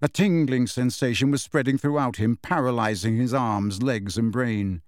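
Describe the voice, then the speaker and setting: Brief: male storybook narrator, measured and expressive, mid-pitched, dry and close. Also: smooth, dry recording. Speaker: audiobook narrator. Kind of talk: scripted narration.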